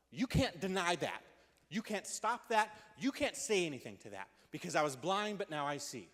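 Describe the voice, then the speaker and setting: A man's voice: high voice, normal speed. A man preaching a casual youth sermon in a church, talking energetically and conversationally. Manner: energetic and conversational, acting out quotes in voices. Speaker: youth pastor. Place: church hall. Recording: long reverb of a large hall.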